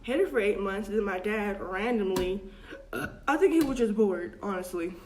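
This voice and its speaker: A woman's voice: mid-range voice, lively intonation, moderate pace, noisy background. A young adult woman telling a casual storytime, chatty and full of slang, acting out what her family said. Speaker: vlogger.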